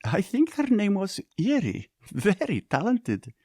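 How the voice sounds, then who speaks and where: A man's voice: high voice, very animated, moderate pace, darkish tone, no room sound, clean studio sound, pitched above the performer's own voice. Katerina, a man voicing an earnest young woman. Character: earnest young woman diplomat, eager and steady.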